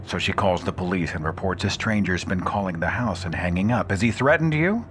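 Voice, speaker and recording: Low voiced guy narrating a spooky tale, measured and suspenseful, podcast host. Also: steady tone, slight background noise. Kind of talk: storytelling narration.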